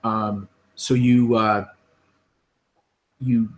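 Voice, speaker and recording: A man narrating as game master, describing scenes in a relaxed, meandering way. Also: lowish voice, very slow.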